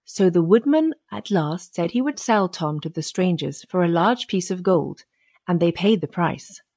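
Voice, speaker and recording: A woman narrating a children's fairy tale audiobook in a steady storytelling manner. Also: fairly low pitch, normal speed.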